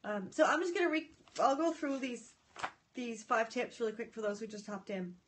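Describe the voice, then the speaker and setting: High-voiced chatty woman livestreaming. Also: normal speed, slight background noise. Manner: chatty and scattered, greeting viewers by name; excitable, often breaks off mid-sentence. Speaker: livestream host reading viewer comments. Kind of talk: casual live chat. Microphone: phone or tablet.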